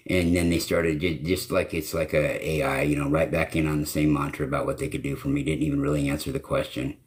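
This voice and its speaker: A man talks on his own live stream in a loose, rambling way. His voice sits low and deep, and he swears casually as he acts out what other people said in his stories. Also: level tone, brisk, few pauses. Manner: rambling, profane storytelling with acted-out quotes. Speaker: channel host.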